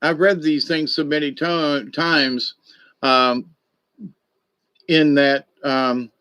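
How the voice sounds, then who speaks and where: A man's voice: a little high, steady tone, slow pace, bright, forceful tone, smooth. A man casually telling an animal story and reading oracle cards, rambling with many fillers and restarts. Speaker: card reader.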